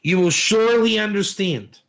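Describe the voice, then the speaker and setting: A man teaching a Torah lesson in an informal, animated way, telling stories and asking rhetorical questions. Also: high-pitched, moderate pace, vocal fry, low-quality recording.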